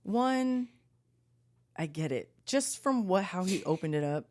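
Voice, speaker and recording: A woman co-hosting a podcast, telling a story in a casual, animated way and laughing often. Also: mid-range voice, unhurried. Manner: animated, laughing, acts out quotes. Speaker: podcast co-host.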